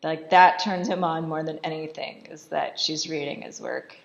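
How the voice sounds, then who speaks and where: Low gravelly woman recapping a film. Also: normal speed. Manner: chatty, says "like" constantly, laughs often. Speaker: film commentator. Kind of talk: casual film recap commentary. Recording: dull lo-fi voice recording.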